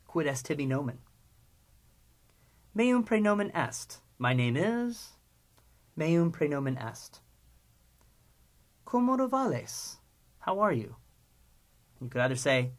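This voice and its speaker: A teacher leads a recorded Latin lesson and drills each word with patient repetition. The delivery is unhurried and slow. The voice has a husky, breathy edge. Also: medium pitch.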